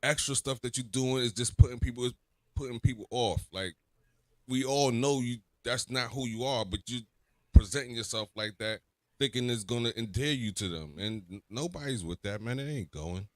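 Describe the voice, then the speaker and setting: A man co-hosts a livestream in loose, slangy talk, quick to agree with his partner. His voice is mid-pitched. The sound is dry and close-miked. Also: dry recording. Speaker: livestream co-host. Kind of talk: casual commentary chat.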